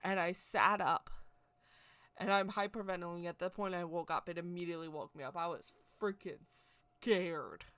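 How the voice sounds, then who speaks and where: A woman's voice: on the low side, normal speed, dry recording. Chatty woman vlogger, full of "like". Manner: chatty, rambling, heavy use of "like"; excitable, animated retelling. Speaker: witchcraft vlogger. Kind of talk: casual personal storytelling to camera.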